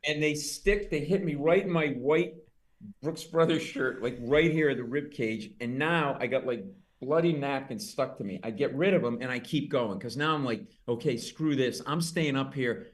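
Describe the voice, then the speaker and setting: A middle-aged man, a comedian guest, telling a lively story in an interview and breaking into loud, high voices for the people in it. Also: normal speed. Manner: animated anecdote with loud high character voices.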